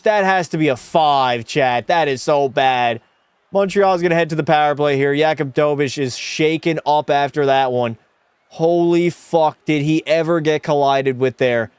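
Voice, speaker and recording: A man's voice: on the high side, unhurried, smooth, no room sound. A young man streaming a hockey video game, calling the plays and chatting with his viewers. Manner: excitable, chatty, answers chat, mock French-Canadian outbursts. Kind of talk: casual live-stream play-by-play commentary.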